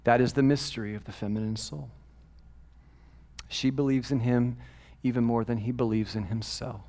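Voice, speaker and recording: Male pastor, mid-pitched voice, sermon delivery that alternates loud emphasis with soft whispers. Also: steady tone, moderate pace. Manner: swings from loud emphatic peaks to hushed whispers.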